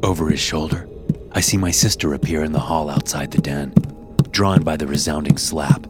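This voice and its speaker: A man narrating a first-person horror story in a hushed, somber manner. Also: rumbling low, steady tone, moderate pace. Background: music.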